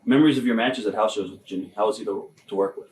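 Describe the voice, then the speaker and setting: Quick-talking male interviewer, echoey room. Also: fairly low pitch, a little hiss or hum. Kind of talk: interview questions.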